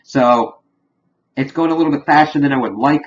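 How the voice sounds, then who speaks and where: A man's voice: medium pitch, moderate pace, dull audio. A man giving a casual spoken review, rambling through scene recaps with lots of filler words. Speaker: TV show reviewer.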